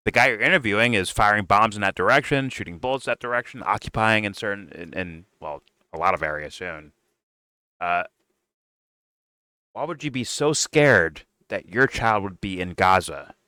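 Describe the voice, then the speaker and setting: A man with a bright, edgy voice ranting in a profane reaction commentary. He mocks and swears freely, swinging between muttered asides and loud outbursts. His mic sounds dry and close. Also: fairly low pitch, moderate pace, no echo. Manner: animated, loud, swearing, mocking, rants. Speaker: reaction stream host.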